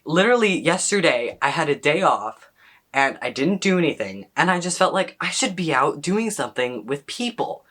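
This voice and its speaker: A young man chatting casually to camera as a vlogger, excitable and rambling, full of "like" and questions to himself. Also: on the high side, moderate pace.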